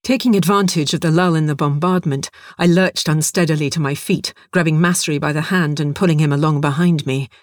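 A man's voice: on the high side, steady tone, brisk, hardly any pauses, dry recording, clean studio sound. A man narrating a first-person story in a vivid, darkly wry way.

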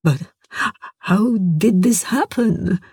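A man reading a story aloud and voicing an anxious little male museum curator who asks pleading, slow questions in a raised voice. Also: high-pitched, creaky, warm tone, husky, dry recording, studio quality, exaggerated voice. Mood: distraught.

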